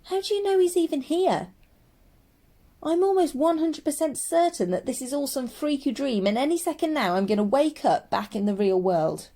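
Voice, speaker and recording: A woman's voice: sits high, expressive, moderate pace, warm tone, voice pushed up. A woman voicing a stubborn, sceptical young girl who speaks firmly and doubts everything around her. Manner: firm and doubtful.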